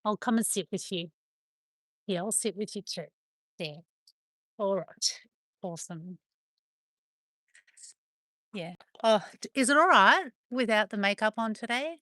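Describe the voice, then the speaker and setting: A woman's voice: mid-range voice, unhurried, pauses often, sharp tone, no room sound, studio quality. A woman with an Australian accent chatting casually on a live stream from her farm, talking to her viewers and calling to her dogs in turn. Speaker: livestreamer on a farm.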